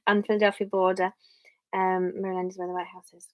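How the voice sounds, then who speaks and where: A woman's voice: mid-range voice, flat delivery, quick pace, dry recording, rough recording. A young English woman chatting casually on a live stream from her home office, rambling and thinking aloud as she reads viewer comments.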